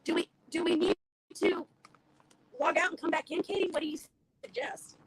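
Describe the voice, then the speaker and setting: A woman's voice: very high voice, fairly even intonation, moderate pace, vocal fry, no room sound, poor audio. A woman hosting a casual live-stream chat from home, talking in a chatty, flustered, apologetic way. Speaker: host. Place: home, at a computer. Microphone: phone as camera.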